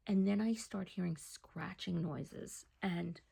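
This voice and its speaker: A woman telling a personal testimony in a casual, hushed storytelling voice that often drops to a near whisper. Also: lowish voice, slow pace, creaky, husky.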